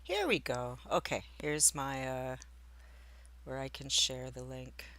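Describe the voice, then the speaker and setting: A woman's voice: a bass voice, takes it slowly, fairly bright tone. A woman streaming live from home, chatting casually and rambling to herself as she sets up, often breaking off mid-sentence. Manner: rambling, self-interrupting, talking to herself while setting up. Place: indoors at home by a window.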